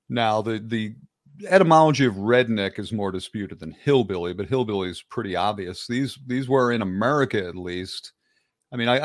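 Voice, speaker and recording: A man's voice: fairly low pitch, no room sound, clean studio sound. A man talking as a guest author in a casual podcast conversation, rambling and digressive with frequent restarts.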